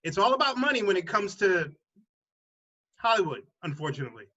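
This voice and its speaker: A man's voice: high voice, sing-song, a little fast, pushed and bright, lo-fi sound. A man co-hosting a podcast, arguing his point step by step in casual chat. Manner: argues points, counting them off. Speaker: podcast co-host.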